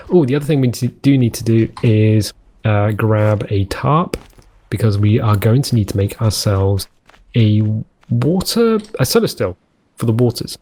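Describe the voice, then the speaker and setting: A man's voice: on the low side, expressive, normal speed, warm tone. A man commenting on a survival game as host, rambling and jokey, often correcting himself as he goes. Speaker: let's play host. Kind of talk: gameplay commentary.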